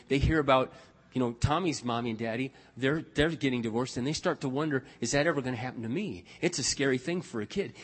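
An older man preaching a sermon as pastor, telling stories in a blunt, emphatic, animated way. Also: mid-range voice. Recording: long reverb of a large hall.

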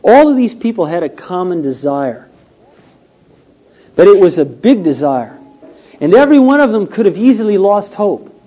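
Male preacher, slightly high, warm voice, storytelling sermon, dull lo-fi recording. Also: big pitch swings, moderate pace, long pauses. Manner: storytelling with acted-out quotes, rising and falling emphasis.

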